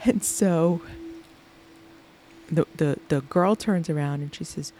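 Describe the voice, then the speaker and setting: A woman hosting a podcast, telling a lively anecdote about her day, laughing often and acting out the people she quotes. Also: low-pitched, slow pace, slight background noise. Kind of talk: animated anecdotal storytelling.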